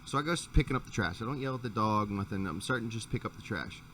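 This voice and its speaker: A man's voice: lowish voice, animated, rapid-fire, fairly bright tone, far from the mic, slight background noise. A man hosting a podcast and telling a long, profane story in casual chat, with frequent restarts. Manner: profane, rambling anecdote with restarts. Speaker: podcast host.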